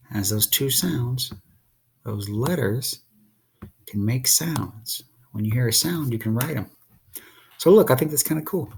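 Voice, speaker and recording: A man teaching young children, sounding out letters slowly and asking them questions as he draws. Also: a little high, lively intonation, gravelly, husky. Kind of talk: slow children's phonics lesson while drawing.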